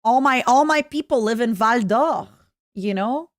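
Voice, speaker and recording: A young woman with a Canadian accent chatting casually with her stream viewers, jokey and full of quick asides. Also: on the high side, no room sound, clean studio sound. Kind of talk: casual livestream chat.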